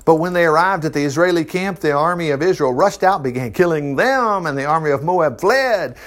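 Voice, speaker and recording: A man's voice: on the high side, expressive, brisk. Folksy man preaching from scripture. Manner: folksy, interrupts his own reading with asides. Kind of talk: Bible reading with running commentary.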